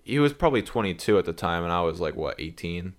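A man's voice: sits low, quick pace. Slangy young man telling a story. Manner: rambling, animated retelling with acted-out quotes; swearing, slangy. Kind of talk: casual chat.

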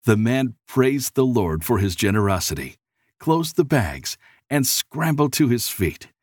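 A man narrating a storybook tale in an expressive, measured reading style. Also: mid-range voice, slightly rough, dry recording, studio quality.

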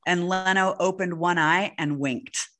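A young woman with a low-pitched voice tells a story to her co-host. She is animated and swears freely, jumping into quick impressions of the people she describes. Her delivery is casual and chatty. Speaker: podcast co-host.

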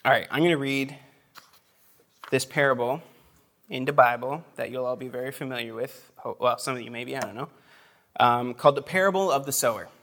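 A man delivers a relaxed, talky sermon to a gathered group, his voice sitting at an ordinary middle pitch. He wanders into side comments, restarts his sentences and chuckles softly as he goes, sounding more like a friend talking than a formal preacher. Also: a little fast, pauses often. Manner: conversational, chatty asides, laughs between phrases; frequent fillers and restarts.

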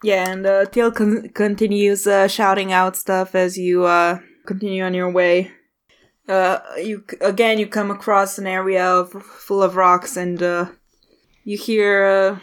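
Woman game master narrating with many pauses. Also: medium pitch, little pitch movement. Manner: halting, many fillers and restarts.

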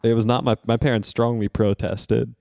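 A man in his twenties co-hosting a casual comedy podcast with dry, deadpan humor. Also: medium pitch, moderate pace, gravelly, dry recording. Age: 20s. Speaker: podcast co-host.

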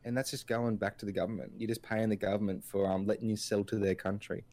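Rambling low-voiced man chatting. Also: fairly even intonation, quick pace, darkish tone. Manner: rambling, full of filler words and restarts. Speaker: podcast co-host. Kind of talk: casual chat.

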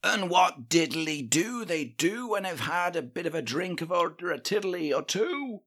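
A man's voice: high-pitched, very animated, moderate pace, fairly bright tone, heavily acted. A man playing a forgetful, needy old husband who keeps calling for his wife in a comedy podcast sketch. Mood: whiny.

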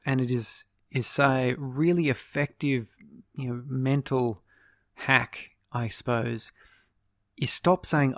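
A man's voice: medium pitch, dry recording, studio quality. Thoughtful man musing on his podcast. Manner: thoughtful, explanatory, restarts and self-corrections. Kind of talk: casual reflective monologue.

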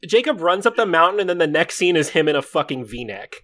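Man, podcast co-host, casual chat, bright tone, joking. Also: on the high side, very animated, fast talker. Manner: gleeful, joking retelling.

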